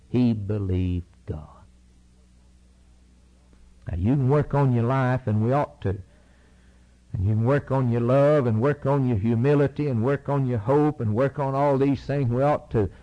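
A man's voice: medium pitch, mellow, lo-fi sound. A man preaching a sermon, reading scripture aloud and driving points home through repeated phrases.

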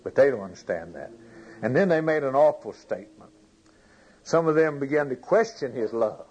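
A man's voice: medium pitch, animated, moderate pace, a little mellow, breathy edge, low-quality recording. A man preaching a sermon, reading scripture aloud, commenting on it and putting questions to his congregation.

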